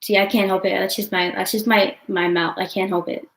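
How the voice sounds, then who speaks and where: Upset young woman venting, flat-toned. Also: mid-range voice, brisk. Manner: rambling, frequent swearing, many fillers. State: upset and tearful. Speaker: vlogger answering live chat. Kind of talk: casual livestream venting. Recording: roomy echo.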